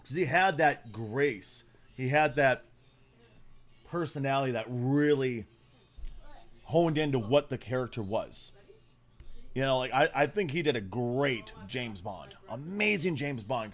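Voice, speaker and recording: A man's voice: mid-range voice, lively intonation, unhurried, long pauses. A man hosting a casual livestream, reacting bluntly with lots of swearing and often trailing off while he searches for names. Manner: blunt, profane, opinionated. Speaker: livestream host.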